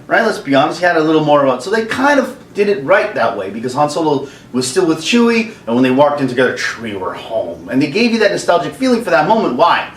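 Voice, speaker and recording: Male vlogger, lively and rambling rant, recorded in an echoey room. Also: a little high, fast, hardly any pauses, slight background noise. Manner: animated, rambling, repeats words. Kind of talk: opinion rant. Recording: roomy echo, mic far off.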